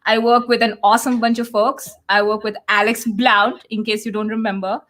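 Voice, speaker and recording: Sassy, quick-quipping female co-host; slightly high voice, video call. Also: flat delivery, a bit bright. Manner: sassy, jokey, rapid-fire. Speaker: guest co-host. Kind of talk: casual live-stream chat.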